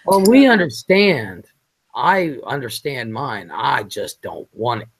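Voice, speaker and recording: A man hosting a late-night casual chat show, rambling and halting with fillers as he talks. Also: mid-range voice, very animated. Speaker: show host.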